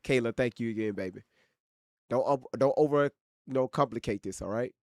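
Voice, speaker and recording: A man hosting a livestream, teasing his chat in a loud, profane, joking way. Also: mid-range voice, a little fast, no echo, studio quality. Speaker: livestream host reading chat. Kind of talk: casual livestream commentary.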